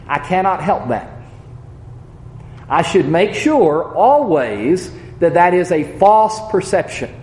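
A man preaching a Bible lesson in a roomy, echoing space, his voice sitting a little high for a man. He talks in an earnest, measured way, leaning slowly on key words and letting his points fall quiet at their ends. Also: slight background noise. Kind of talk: sermon.

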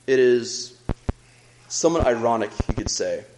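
A young man preaching a sermon in an earnest, measured way, reading scripture aloud between his own remarks. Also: mid-range voice, animated, noisy background.

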